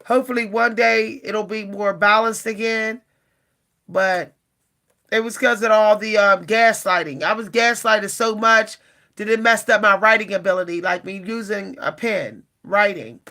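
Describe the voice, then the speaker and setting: A woman vlogger speaks straight to her viewers in a casual, animated way. Her voice is bright and forceful, and she sounds exasperated. She often circles back and repeats herself as she vents. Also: mid-range voice, measured pace. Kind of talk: casual talk to camera.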